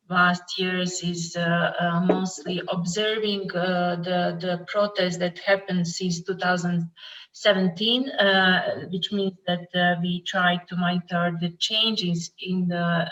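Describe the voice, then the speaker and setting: A woman with a Polish accent speaking as a panel guest in an online talk, halting with many fillers. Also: fairly low pitch, a bit bright. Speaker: guest from a human rights group. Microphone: video call. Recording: distant lo-fi video call audio.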